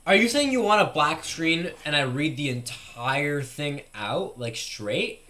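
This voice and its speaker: A man's voice: on the high side, animated, unhurried, bright, forceful tone. A young man streaming live, thinking aloud in casual chat with lots of "like" fillers.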